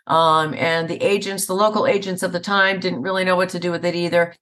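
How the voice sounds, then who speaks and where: A woman's voice: fairly low pitch, level tone, brisk, fairly bright tone. A middle-aged woman voice actor chatting in an interview, telling stories and laughing often. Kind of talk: casual interview conversation. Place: Atlanta area.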